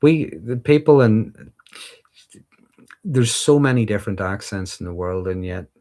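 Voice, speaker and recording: Deep-voiced Northern Irish man musing aloud. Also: animated, measured pace, mellow. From Northern Ireland. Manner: thoughtful, rambling, frequent ums and restarts. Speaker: livestream host answering viewer questions. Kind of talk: casual livestream chat.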